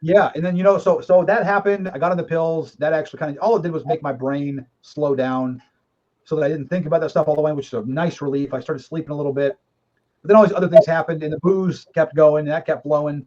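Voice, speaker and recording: A middle-aged man talks as a guest in a casual conversation. He speaks fast, in a somewhat high voice, and tells his story candidly and emphatically, with some swearing. The recording sounds dull and lo-fi. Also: steady tone, a little mellow.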